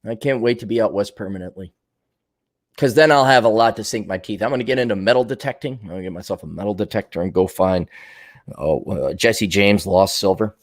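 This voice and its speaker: This solo podcaster has a lowish voice and talks fairly quickly. He meanders through his thoughts sardonically, giving them their own little voices as he goes.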